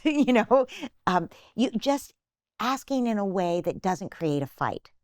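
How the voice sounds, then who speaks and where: A woman's voice: medium pitch, very animated, slow, no room sound, studio quality. An older woman, a psychotherapist being interviewed, patiently explaining parenting advice and acting out little imagined phrases. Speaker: guest psychotherapist.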